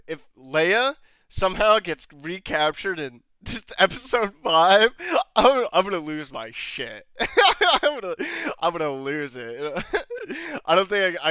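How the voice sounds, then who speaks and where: A man's voice: a little high, bright, forceful tone, clean tone, no room sound. A young man hosting his own channel, ranting to camera in a rambling, frustrated way and breaking into laughter often. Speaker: channel host reviewing a TV episode. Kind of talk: casual rant to camera.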